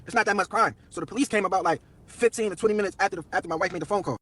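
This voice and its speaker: A young man with a husky voice who tells a personal story time in a rapid, animated, slang-heavy way. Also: high voice, crowd noise.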